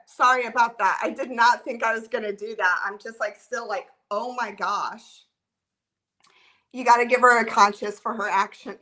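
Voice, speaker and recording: A woman's voice: on the high side, sharp tone. A woman in her thirties hosting a casual livestream and answering viewer comments. She talks in a rambling, flustered, emotional way, full of filler words. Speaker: livestream host.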